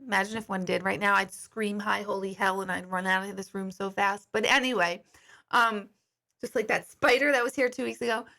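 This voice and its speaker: Blunt, bright-voiced woman medium. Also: mid-range voice, fairly even intonation, fairly quick, vocal fry. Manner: candid, blunt, swears casually, greets viewers by name. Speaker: psychic medium hosting a livestream. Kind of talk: casual livestream talk.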